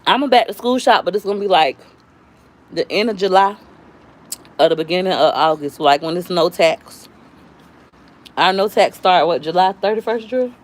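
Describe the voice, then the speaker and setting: A woman's voice: on the low side, lively intonation, normal speed, long pauses. A woman, chatting casually with viewers at home with her family, slangy and rambling, a little out of breath. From Florida, US. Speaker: YouTube cooking vlogger.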